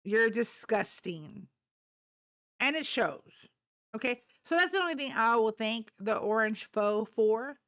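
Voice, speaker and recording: A middle-aged woman holding forth on her live stream, blunt and salty with her language, all fired up. Her voice sits a little higher than most women's. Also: expressive, unhurried, fairly bright tone. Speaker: livestream host. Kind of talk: live political talk stream.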